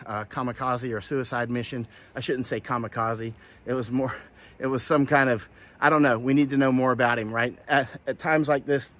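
A man's voice: mid-range voice, a bit bright. Rambling man with many restarts. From Florida. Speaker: commentator. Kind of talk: casual commentary. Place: outdoors, in hot weather.

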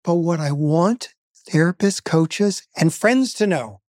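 A man's voice: fairly high pitch, lively intonation, takes it slowly, darkish tone, no echo, clean studio sound. A man speaking as a grief expert in an interview, telling stories in an earnest, emphatic way. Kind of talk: interview conversation.

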